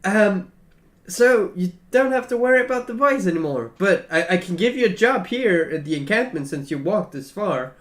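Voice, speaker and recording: A man playing an earnest camp leader and one-time scout in a tabletop role-play game, rambling through his offer with many fillers, a bit high for a man. The room around him is echoey. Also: animated, moderate pace, a bit bright. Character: male encampment leader, former scout.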